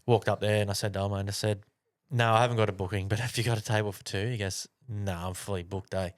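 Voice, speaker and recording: A young man with a fairly low voice, spinning a rambling yarn as a podcast co-host. He swears constantly and keeps it loose and conversational. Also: fairly even intonation, fast talker. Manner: swears a lot, rambling anecdote. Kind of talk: casual storytelling chat.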